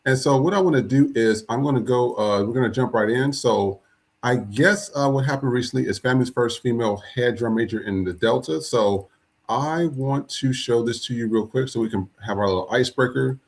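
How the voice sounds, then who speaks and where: A man's voice: medium pitch, a little fast. A man hosting a live podcast alone, chatting casually and greeting viewers by name with lots of fillers. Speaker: podcast host. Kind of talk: casual live-stream chat.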